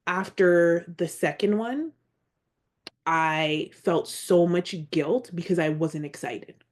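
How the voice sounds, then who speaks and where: A woman speaking as a podcast guest, telling a personal story in a heartfelt, earnest way and sometimes near tears. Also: fairly low pitch. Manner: heartfelt, earnest, slow and reflective.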